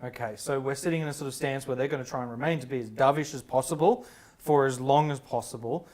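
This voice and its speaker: A man's voice: mid-range voice, quick pace, a little mellow. A man hosting an interview, who sums up his guest's points and asks follow-up questions. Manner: summarising, prompting questions. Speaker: podcast host.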